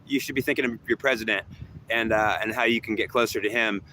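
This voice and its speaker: A man's voice: on the low side, fast talker, sharp tone, a little hiss or hum, low-quality recording. A man talking in a rambling, repetitive monologue, often restarting his sentences.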